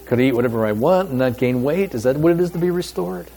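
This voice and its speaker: A man preaching a sermon as pastor, with a deliberate, emphatic delivery and pauses. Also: mid-range voice, lively intonation, gravelly, warm tone, a little hiss or hum.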